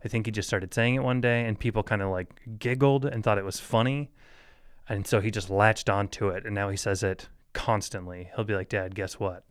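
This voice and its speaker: A man's voice: lowish voice, fairly even intonation, fairly quick, clean tone, dry recording, clean studio sound. A man in his thirties hosting a casual solo podcast, rambling loosely, chuckling often and swearing offhand. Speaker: podcast host.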